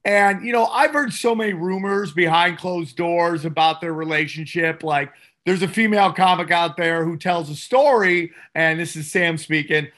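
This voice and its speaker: A man co-hosting a podcast who chats casually and jokes in an excitable, crude way. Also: on the high side, moderate pace. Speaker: podcast co-host. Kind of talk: casual comedic chat.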